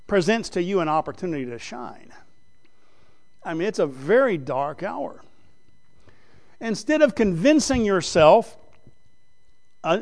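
Pastor guy with a high voice, preaching hard then going quiet and earnest. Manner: swings from loud emphatic preaching to low, quiet earnestness. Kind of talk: sermon.

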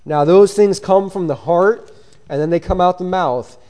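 A man preaches a sermon, reading verses in old-fashioned scripture wording and explaining them earnestly. His voice is mellow and dark in tone, sitting slightly high for a man. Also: moderate pace.

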